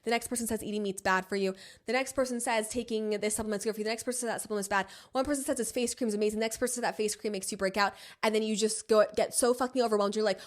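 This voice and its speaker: Woman podcast host, kinda high voice, swears a lot, laughs, animated casual pep talk. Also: rapid-fire, few pauses. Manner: blunt, swears freely, laughs often, animated. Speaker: podcast host and self-help coach. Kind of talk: casual motivational monologue.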